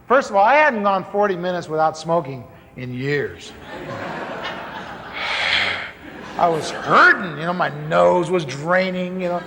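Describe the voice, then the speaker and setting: A man telling a comic story from the pulpit, acting out the dialogue in a lively way. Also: high-pitched, a little slow, long pauses, a little hiss or hum. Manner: animated, comic, acts out dialogue. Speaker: preacher telling his conversion story. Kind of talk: storytelling sermon. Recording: large hall reverb, faint ambience.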